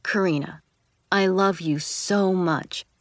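Woman reader playing a soft-spoken lovestruck dad, voice dropped low, slow. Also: steady tone, no room sound, clean studio sound. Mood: tender. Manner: soft and affectionate. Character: smitten gentle father. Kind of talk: storybook reading.

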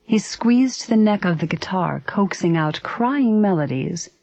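A woman narrating a story aloud in a steady, even reading voice. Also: medium pitch, unhurried, no echo. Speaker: audiobook narrator. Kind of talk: scripted narration. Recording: dry, slightly dull recording.

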